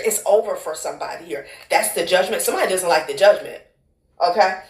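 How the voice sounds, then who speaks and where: A woman's voice: lowish voice, a little fast. Blunt, salty woman reading tarot cards. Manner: blunt, profane, calls listener honey and child. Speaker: tarot card reader. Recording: echoey room.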